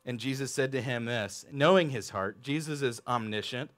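Speaking at medium pitch and normal speed with hardly any pauses, this man in his thirties is a pastor delivering a church sermon. He keeps it animated and conversational, frequently asking the congregation questions.

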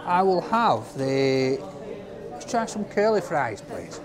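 A man's voice: on the high side, big pitch swings, takes it slowly, a crowd in the background. A middle-aged man with a Yorkshire accent, chatting casually as he reviews a takeaway, jokey and friendly. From Sheffield, England. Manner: chatty and jokey, calls people love. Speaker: food reviewer. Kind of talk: casual food vlog. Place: takeaway shop and street outside.

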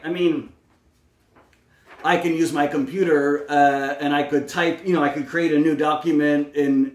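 A man's voice: on the high side, darkish tone. Man explaining patiently in a roomy space. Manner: patient step-by-step explaining with fillers. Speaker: speech-language pathologist. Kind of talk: instructional demonstration. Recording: roomy, mic at a distance.

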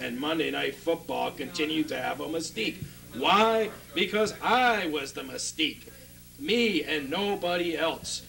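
A man's voice: fairly high pitch, creaky, sharp tone, recorded from a distance, exaggerated voice, rough recording. A man voicing a blustering, self-important male sportscaster who dismisses everything but himself. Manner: boastful, dismissive.

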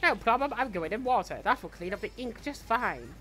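A man's voice: sits high, sing-song, a little fast, sharp tone, soft background music, full character voice. A man voicing a cocky, greedy young male villain, chatting boastfully through in-character gameplay commentary. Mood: playful. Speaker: fan voice actor playing a character.

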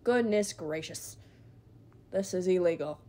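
A young woman giving casual gameplay commentary, excitable and swinging between quiet muttering and loud outbursts. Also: fairly low pitch, unhurried. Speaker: gaming video creator.

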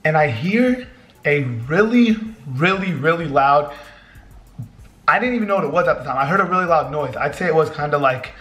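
A young man with a high, bright voice tells a story in an excitable rush, swearing freely and acting out his own frantic shouts. His voice bounces around an echoey room. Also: moderate pace, faint music behind. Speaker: vlogger. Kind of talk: animated storytelling.

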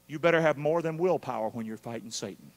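A man preaching a live sermon, calling out for responses from the congregation and swinging between loud and hushed. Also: mid-range voice, lively intonation, fast. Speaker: pastor. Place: church sanctuary during a live service. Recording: long hall reverb of a church.

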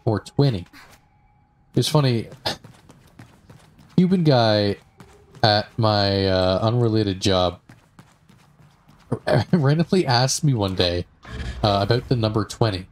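A man's voice: lowish voice, lively intonation, slow pace, long pauses. A man chatting casually as he plays a game, rambling through stories with lots of fillers and asides. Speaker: gaming streamer. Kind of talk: casual gameplay commentary.

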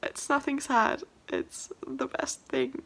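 A woman's voice: on the high side, big pitch swings, slow pace, fairly bright tone, husky. A young woman vlogging about her first song, tearful and laughing, overwhelmed with emotion. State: crying. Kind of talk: emotional personal vlog.

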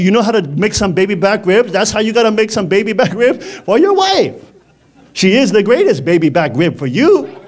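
A man preaching a lively sermon, his voice sitting fairly high for a man and swinging widely up and down. He keeps it conversational, laughs often and keeps asking the congregation questions.

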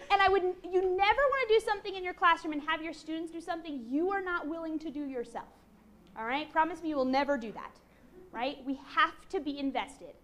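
A woman teaching a college class, lively and encouraging, with a playful manner. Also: very high-pitched, brisk, a little hiss or hum. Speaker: university lecturer. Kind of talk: classroom lecture.

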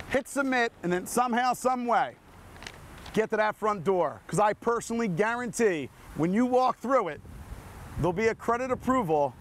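High-voiced car pitchman. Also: a little hiss or hum. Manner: energetic, repetitive hard-sell patter. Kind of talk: live sales pitch. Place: outdoors at a car lot.

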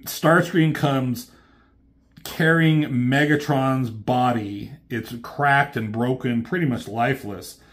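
Rambling, offhand man retelling a cartoon. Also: mid-range voice. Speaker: reviewer. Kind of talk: casual plot retelling.

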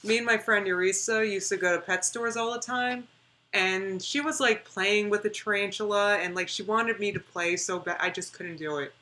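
Bright-voiced chatty woman streamer. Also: medium pitch, normal speed. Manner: chatty and emphatic, repeating words for stress. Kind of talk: casual reaction livestream chat.

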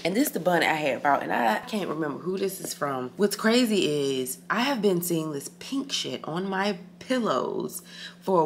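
A low-pitched woman talks frankly to her viewers in a relaxed vlog, swearing freely and calling them y'all. Her voice carries a gravelly fry, and a faint hiss sits behind it in a hotel room. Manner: chatty, frank and profane, addresses viewers as y'all and friend. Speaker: vlogger. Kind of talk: casual vlog chat to camera.

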